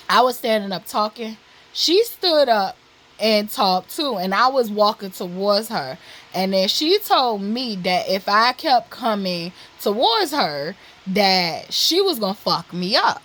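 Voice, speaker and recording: A woman's voice: medium pitch, animated, a little slow, fairly bright tone, low-quality recording. A woman vlogger telling a personal story candidly, blunt and profane, with lots of "like" and "literally" fillers.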